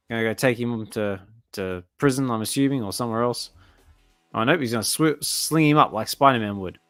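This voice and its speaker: A man casually reading a comic aloud and reacting excitedly to the panels as a channel host. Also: medium pitch, moderate pace, dry recording, faint music behind.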